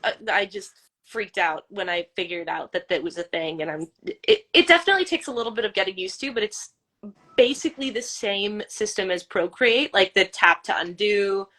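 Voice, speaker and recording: Bright chatty voice-actress woman. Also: medium pitch, normal speed. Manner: chatty, upbeat, animated with lots of fillers. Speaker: voice actress guest. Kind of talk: casual chat.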